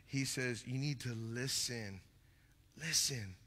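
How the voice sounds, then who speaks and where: A man preaching a sermon as pastor, talking loudly and passionately, acting out little stories as he goes. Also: mid-range voice, moderate pace, in a large hall. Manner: loud, passionate, animated storytelling. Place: church sanctuary.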